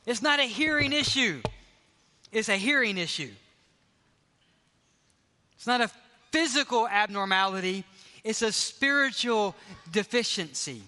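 A pastor preaches an emphatic sermon in a high, bright voice, and the large sanctuary gives his words a long reverberant tail. He leans into key phrases and slows down to give them weight.

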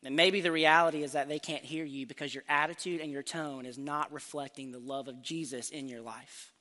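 Bright-voiced male preacher in a hall. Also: on the high side, steady tone. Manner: earnest, emphatic, slows for key phrases. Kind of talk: sermon. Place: church sanctuary. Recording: church hall reverb.

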